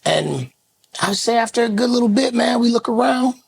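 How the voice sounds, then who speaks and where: Gravelly, high-voiced man telling a story. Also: brisk, dry recording. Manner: animated storyteller, acts out voices. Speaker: co-host. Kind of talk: casual storytelling chat.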